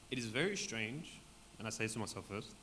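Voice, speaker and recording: A man leading a Bible study for a group in a church hall, talking conversationally and often checking in with "right?", his voice going hoarse. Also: lowish voice. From Australia. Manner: conversational, keeps asking "right?". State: voice going hoarse, clearing throat. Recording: long hall reverb, faint background noise.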